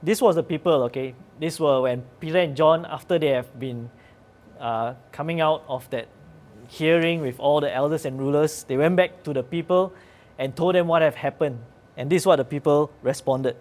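A man's voice: on the high side, moderate pace, a little mellow. A man preaching a sermon in an earnest, conversational way, with occasional fillers.

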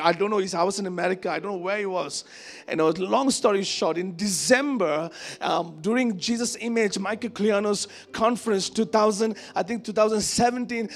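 High, gravelly-voiced pastor from Asia. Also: male voice. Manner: animated, conversational, acts out quoted voices. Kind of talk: sermon with personal storytelling. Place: church service before a congregation.

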